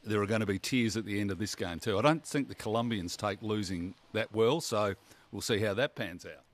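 A man's voice: on the low side, brisk, no room sound. Jokey Australian radio co-host man. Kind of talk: breakfast radio banter.

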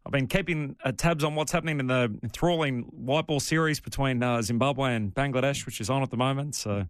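An Australian man co-hosting a podcast in a relaxed, chatty, self-deprecating way. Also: medium pitch, fairly quick, smooth, dry recording. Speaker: podcast co-host. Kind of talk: casual chat.

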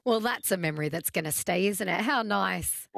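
A woman's voice: mid-range voice, normal speed, vocal fry, a bit bright, dry recording, clean studio sound. A woman with an Australian accent hosting a casual talkback radio chat with callers, friendly and chatty, laughing often. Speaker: radio host.

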